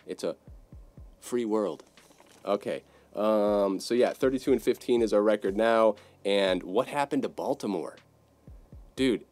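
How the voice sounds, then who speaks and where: Male sports podcast host, low-pitched, brash and profane, dry close sound. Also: no room sound. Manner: swings between loud outbursts and low asides. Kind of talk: casual sports podcast rant.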